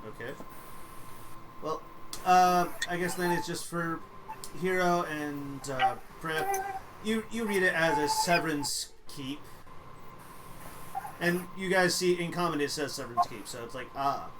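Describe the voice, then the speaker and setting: A man's voice: fairly high pitch, animated, measured pace, pauses often, background noise. A young man narrating as game master for a streamed tabletop game, rambling with many fillers and casual swearing.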